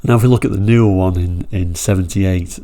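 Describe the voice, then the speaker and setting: Male channel host, gravelly and warm, relaxed and digressive, enthusiast chatting over brochures. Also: sits low, fairly quick. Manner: chatty and rambling, digresses then pulls himself back on track. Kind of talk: casual talk-through of old car brochures.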